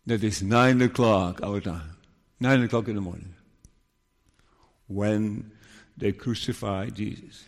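Male preacher, sermon, slow deliberate delivery with hushed solemn turns, reverberant hall. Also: on the low side.

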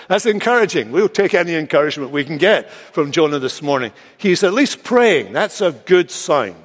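A male pastor preaching a sermon with expressive delivery, slowing down and lifting his voice for quoted lines. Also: a little high. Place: large church sanctuary. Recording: long church reverb.

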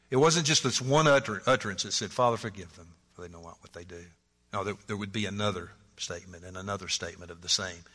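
A man leading a Bible study, speaking in a low, bright, forceful voice. He is earnest and often repeats himself as he works through a point. He keeps posing questions to the group.

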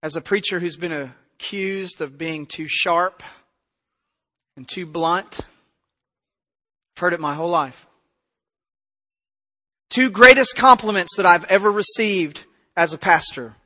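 High, bright-voiced man preaching in a hall. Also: takes it slowly, pauses often. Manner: impassioned, swings between loud emphasis and quiet intensity. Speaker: pastor. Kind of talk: sermon. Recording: reverberant hall.

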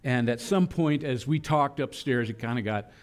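A man preaching a sermon, animated, acting out voices in quoted lines. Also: mid-range voice, moderate pace. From Philadelphia area. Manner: animated preaching, voicing God and children in quotes. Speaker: pastor.

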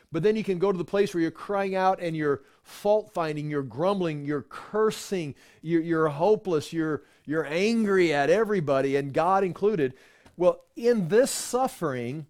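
Man teaching a Bible study, conversational. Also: fairly high pitch. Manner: conversational, repeats words, animated bursts when acting out pain. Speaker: pastor.

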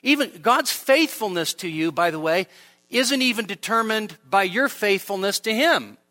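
A male pastor preaching a sermon in a church, animated, with humor and rhetorical questions. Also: high voice, normal speed, dry recording.

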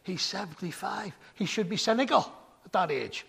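Older male preacher, high voice, chatty stories building to emphatic appeals, echoing hall. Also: lively intonation, moderate pace, gravelly, fairly bright tone, slightly rough. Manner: conversational storytelling, then rising to emphatic. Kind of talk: sermon. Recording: long hall reverb.

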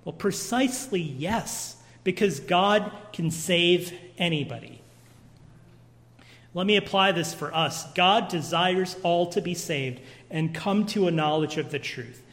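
A man's voice: high-pitched, unhurried, fairly bright tone. A man preaching an expository sermon, earnest and emphatic, posing rhetorical questions to his congregation in a church. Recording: long reverb of a large hall.

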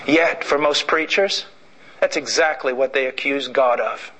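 A preacher from Illinois delivering an impassioned sermon. He swings between shouted declarations and low, intense passages. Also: measured pace, low-quality recording. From Illinois, USA. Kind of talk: fiery sermon.

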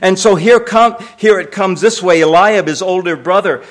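A man's voice: high voice, moderate pace. A man delivering a sermon as pastor, emphatic and repetitive, asking rhetorical questions.

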